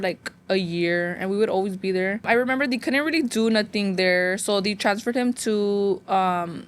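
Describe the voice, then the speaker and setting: A young woman from Phoenix, a guest sharing a painful personal story in a rambling, emotional way, full of "like" fillers. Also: medium pitch. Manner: emotional, close to tears.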